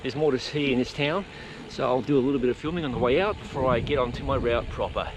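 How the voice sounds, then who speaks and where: A man's voice: mid-range voice, quick pace. A man, chatting casually to his viewers as he rides his bike along rural roads, filming himself on a camera mounted to the bike. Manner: chatty, talks to dogs and viewers while riding. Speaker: cycling vlogger. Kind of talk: casual ride vlog narration. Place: outdoors on rural roads while riding a bike. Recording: noisy outdoor camera audio.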